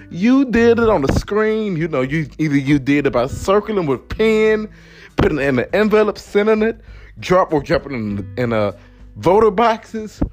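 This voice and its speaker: A man from the United States hosting a motivational podcast monologue, emphatic and repetitive, over faint background music. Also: sits high. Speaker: podcast host.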